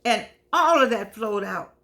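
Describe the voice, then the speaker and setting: This teary older woman, a show host who teaches humanities, talks to camera with a fairly high, expressive, sharp-toned voice at a slightly slow pace. She gets emotional and preachy, says things more than once, and calls on the Lord in this casual, heartfelt monologue.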